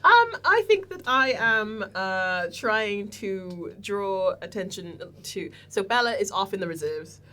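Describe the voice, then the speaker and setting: A woman's voice: medium pitch, lively intonation, slow, few pauses, bright, forceful tone, slight background noise. A woman playing a tabletop game, chatty and giggly as she describes her moves. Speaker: player. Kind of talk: casual tabletop game play.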